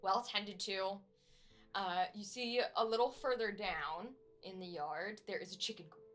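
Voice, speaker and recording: A woman narrating as game master of a tabletop horror game, animated, with many fillers. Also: mid-range voice, a little slow, soft background music.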